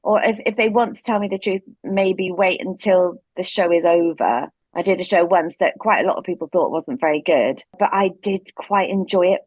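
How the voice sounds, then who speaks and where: A woman's voice: fairly low pitch, normal speed, few pauses, a little mellow, breathy edge, no echo. A woman, an actress and guest co-host, reflecting aloud in casual podcast chat.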